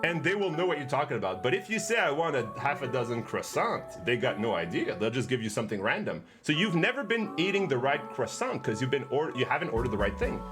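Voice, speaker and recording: Animated man, game streamer. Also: mid-range voice, quick pace, hardly any pauses, over music. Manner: playful, teasing, animated. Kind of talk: live gameplay commentary.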